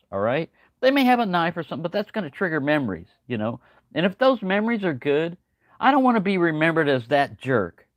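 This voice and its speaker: An older man hosts a livestream from home in the early morning, rambling in a folksy, chatty way and greeting viewers by name. His voice is a little high, and the recording has no room sound.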